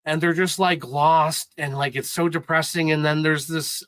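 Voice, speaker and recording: Bright-voiced man rambling on a live stream. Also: fairly high pitch, normal speed, few pauses, no echo, low-quality recording. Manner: rambling, excitable movie recaps; sentimental, gets choked up. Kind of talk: casual live-stream chat.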